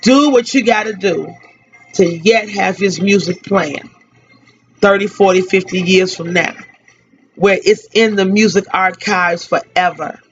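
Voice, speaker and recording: On a dull, lo-fi radio recording, a female radio host with a medium-pitched voice delivers an emotional spoken tribute. She sounds tearful and grieving, speaking slowly and haltingly and repeating phrases.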